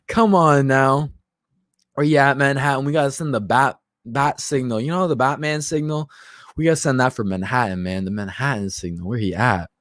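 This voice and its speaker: A man's voice: medium pitch, moderate pace, a bit bright, no echo. Young man, tipsy, casual livestream host, loose banter, dry close sound. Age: 20s. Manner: loose, tipsy banter reading out chat comments.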